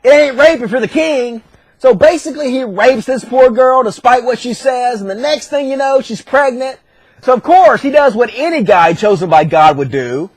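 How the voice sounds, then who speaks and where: A man's voice: very high-pitched, expressive, normal speed, no echo. A man giving a profane, sarcastic comedic recap as an online commentator.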